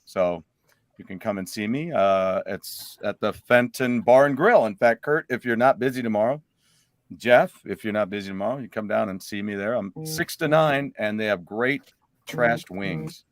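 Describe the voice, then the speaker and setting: A man hosting a casual live show, joking around and laughing loudly with his guests. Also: on the low side, lively intonation, moderate pace, no echo. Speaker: host.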